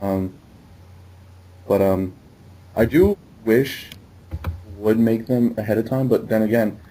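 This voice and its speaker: Low-voiced rambling male podcast host. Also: slow, dark tone, slight background noise, poor audio. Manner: loose and rambling, many fillers. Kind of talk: casual chat.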